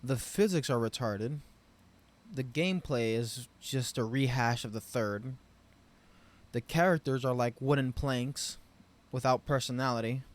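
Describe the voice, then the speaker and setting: Male vlogger, mid-pitched, ranting off the cuff about a game, profane and exasperated. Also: a little slow. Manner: profane, rambling, frustrated ranting with loud bursts. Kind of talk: unscripted game review rant.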